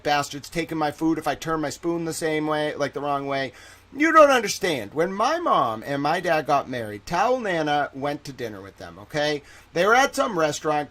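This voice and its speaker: A man's voice: fairly high pitch, fairly bright tone. A man hosting a live stream, rambling in a profane, jokey, casual rant.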